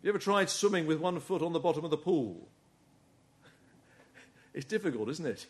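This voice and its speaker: A man's voice: on the high side, animated, normal speed, breathy edge. A man preaching a sermon, earnest and urging, often putting rhetorical questions to his listeners.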